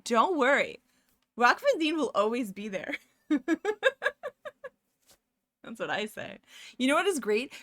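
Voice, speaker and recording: Bright, chatty woman streamer. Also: a little high, dry recording, studio quality. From Toronto, Canada. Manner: rambling, jokey, laughs often. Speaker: livestream host. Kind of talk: casual livestream chat while doing pixel art. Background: faint music.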